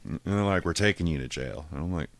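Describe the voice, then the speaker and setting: This podcast host's story is casual, crude with swearing, and lively, as he voices each character's quotes himself. He speaks low and quickly with vocal fry, in audio free of room sound.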